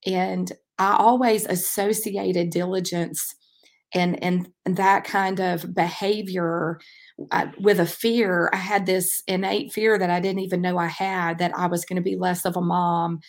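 A woman hosts her own faith-minded podcast in a loose, casual monologue. Her voice sits a little low for a woman. She talks earnestly and rambles, leaning on frequent "um" fillers. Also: level tone, a little slow. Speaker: podcast host and track coach.

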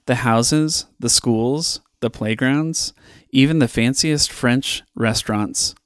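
A man hosting a podcast, reading a children's storybook aloud in an expressive, playful way with dramatic pauses. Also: medium pitch, clean tone, dry recording, clean studio sound.

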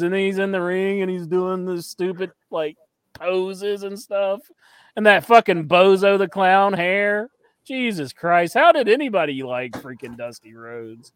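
A man's voice: high voice, expressive, moderate pace, fairly bright tone, clear, resonant tone, dry recording. A man co-hosting a wrestling podcast, chatting casually and ranting with a lot of profanity. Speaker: podcast co-host. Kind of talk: casual chat.

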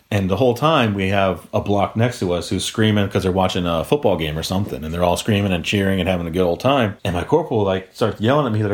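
Low-voiced man telling a story, swearing freely. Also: racing, hardly any pauses. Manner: profane, animated retelling with quoted voices. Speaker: podcast co-host. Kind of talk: casual storytelling chat.

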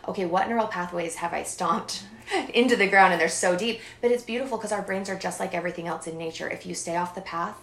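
A woman in her thirties chatting as a podcast guest, animated and expressive, often breaking into laughter. Her voice sits on the low side, and the recording has a roomy echo around it. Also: quick pace. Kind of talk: casual interview chat.

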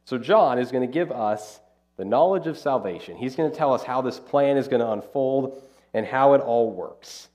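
A man preaching a conversational, animated Bible-teaching sermon as pastor. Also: medium pitch, moderate pace.

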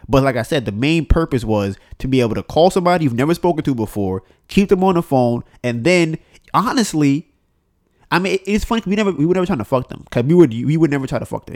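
This is a man talking on his own podcast, rambling loosely with plenty of fillers and restarts. His pitch sits in an everyday middle range. He swears freely and slips into quoted voices to act out phone calls. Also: darkish tone. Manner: profane, uses many fillers and restarts. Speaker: podcast host. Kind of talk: solo podcast monologue.

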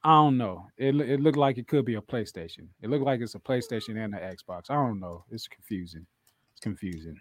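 A man's voice: medium pitch, brisk, few pauses. A man co-hosting a casual podcast chat, swearing a lot and repeating phrases for emphasis. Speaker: podcast co-host.

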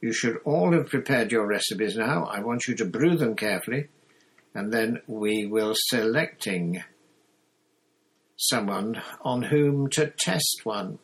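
A man's voice: on the low side, lively intonation, unhurried, poor audio. Snape: a man doing a cold, clipped teacher. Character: cold sneering male potions teacher.

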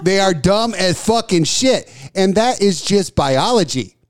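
High-voiced man ranting crudely. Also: expressive, a little slow. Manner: profane, ranting, emphatic. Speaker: podcast co-host. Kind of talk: crude casual radio banter. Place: small studio with desk mics.

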